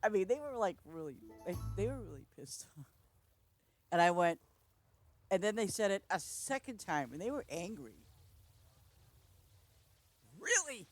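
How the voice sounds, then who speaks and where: A woman's voice: fairly low pitch, big pitch swings, moderate pace. A woman game streamer chatting casually while she plays, rambling through stories with lots of laughter and restarts. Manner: rambling storyteller, frequent laughing, self-interrupting. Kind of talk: casual livestream chat while playing a farming game.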